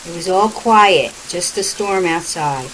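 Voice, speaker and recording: A woman reading her own first-person ghost story aloud in a plain, steady way. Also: on the low side, a little slow, a little hiss or hum, low-quality recording. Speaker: author and narrator.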